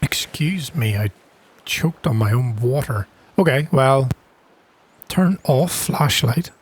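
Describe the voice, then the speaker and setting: A man talks casually through a farming game at an ordinary, mid-range pitch. He is chatty and self-mocking, and he breaks into sharp gasps when something surprises him. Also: expressive, slow, husky. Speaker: gaming channel host. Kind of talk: casual gameplay commentary.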